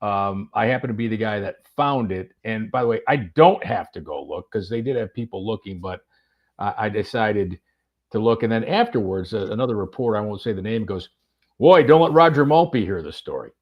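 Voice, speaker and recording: A man casually telling a golf anecdote on a podcast, animated, with plenty of fillers and restarts. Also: on the low side, fairly quick, dull audio. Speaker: golf radio reporter and podcast guest. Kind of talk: casual storytelling chat.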